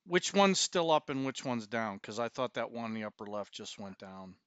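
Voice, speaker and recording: A man playing a tabletop game, slowly and carefully describing what his character does. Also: medium pitch, very animated, clean tone, dry recording, lo-fi sound. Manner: slow, measured describing of his character's actions. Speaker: player.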